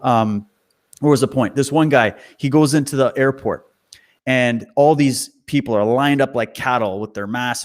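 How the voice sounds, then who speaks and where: A man from Canada in casual conversation, telling an animated story and bluntly swearing as he goes. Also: medium pitch. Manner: animated storyteller, acts out quoted voices. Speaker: guest.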